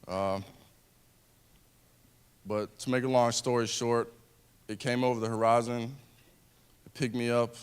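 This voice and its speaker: Smooth-voiced man telling his story. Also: mid-range voice. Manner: earnest, halting, with restarts. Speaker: wounded veteran speaker. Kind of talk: personal speech to an audience.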